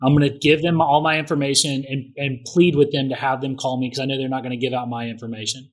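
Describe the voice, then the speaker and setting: A man's voice: mid-range voice, flat delivery, fast. A middle-aged man, a guest on a podcast, talking bluntly and swearing freely in casual conversation. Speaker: podcast guest, real estate investor.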